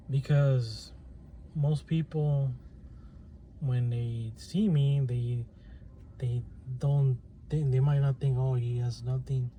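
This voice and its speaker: Dark-voiced man rambling hesitantly. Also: mid-range voice. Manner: hesitant, many restarts and fillers. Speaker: channel host. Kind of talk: casual rambling monologue. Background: faint plane and traffic noise.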